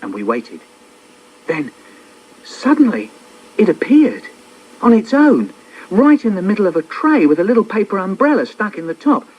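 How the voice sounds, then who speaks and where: A man's voice: high-pitched, very animated, moderate pace, long pauses, slightly rough. Playful man performing children's poems. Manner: playful, theatrical, switching into character voices. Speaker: poet reading his own poems. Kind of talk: performed poetry reading for children. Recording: dull old cassette copy.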